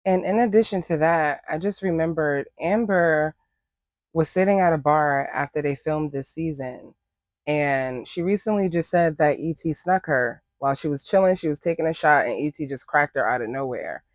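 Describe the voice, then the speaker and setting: Sassy man with a higher voice, dry sound. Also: normal speed, dry recording. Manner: sassy, animated, acts out quotes in higher voices. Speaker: reality TV recap commentator. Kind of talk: opinionated recap commentary.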